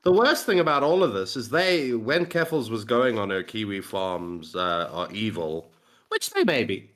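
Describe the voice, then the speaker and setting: A man's voice: mid-range voice, fairly bright tone. A man co-hosting a casual reaction podcast, thinking aloud, restarting his sentences and swearing in confusion. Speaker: podcast co-host.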